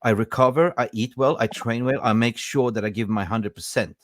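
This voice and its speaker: A man's voice: medium pitch, fairly quick, no room sound. A man hosting a casual football podcast, chatty and jokey, greeting viewers by name. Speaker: podcast host. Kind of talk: casual live-stream football chat.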